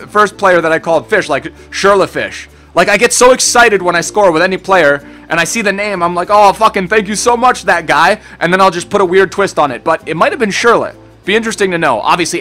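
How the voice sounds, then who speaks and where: Pushed and bright at a fairly high pitch, the voice belongs to a young man running a gaming channel. Raised in Germany and the US after being born in Switzerland, he chats casually to camera through a Q&A, rambling, easygoing, swearing and saying bro.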